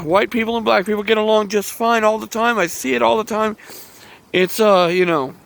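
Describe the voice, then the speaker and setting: A man hosting his own channel, delivering a heated, emotional monologue to camera, swearing often and pausing to sigh. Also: sits high, creaky, fairly bright tone. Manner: angry, profane ranting with sighs and restarts. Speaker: channel host.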